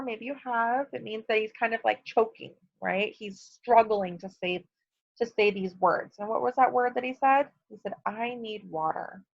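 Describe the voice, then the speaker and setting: A woman's voice: a little high, gravelly, a bit bright. A woman teacher reading a picture book aloud to her students, stopping to ask questions and explain. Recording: dull lo-fi recording.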